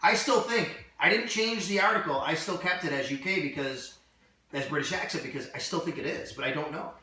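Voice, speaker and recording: A man guesting on a sports podcast, telling a story in a casual, animated way with lots of filler words. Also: on the high side, fairly quick, very echoey, distant mic, low-quality recording.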